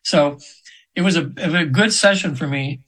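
Speaking at a measured pace, a seventies-aged male hypnotherapist spins loose, filler-heavy stories as an interview guest, restarting often and occasionally imitating quoted voices. The pitch is fairly high, the tone fairly bright and husky, and the audio is low quality.

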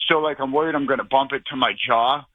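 A man's voice: mid-range voice, steady tone, fast, no room sound. A man calling in to a radio show, rambling and sounding out of breath. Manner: rambling, restless. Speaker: caller. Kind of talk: rambling phone call. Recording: tinny phone line.

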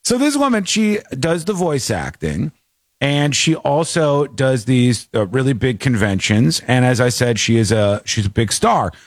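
A man's voice: medium pitch, very animated, a little slow, dry recording, clean studio sound. A man hosting a talk show, chatting casually and rambling with frequent restarts. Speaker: show host. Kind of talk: casual commentary chat.

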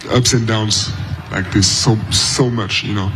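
A man speaking slowly and reflectively in an interview clip. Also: fairly low pitch, steady tone, background noise.

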